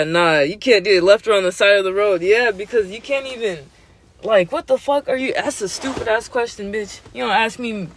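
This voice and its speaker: A young man in his twenties hosts a podcast in a high-pitched, fairly bright voice. His casual chat is slangy and profane, and it grows heated.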